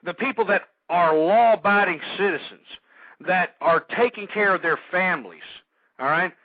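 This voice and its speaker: A radio host holds forth in a heated, ranting monologue, his voice pitched very high for a man. The sound is dry and close, squeezed thin like a phone line. It is an old lo-fi broadcast. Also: moderate pace, dry recording. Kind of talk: political talk radio monologue.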